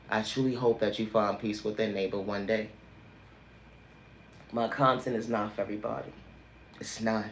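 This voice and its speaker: With a fairly low voice, a livestream host delivers a preachy motivational monologue full of repetitive, emphatic, sermon-like refrains. The room is echoey, with slight background noise.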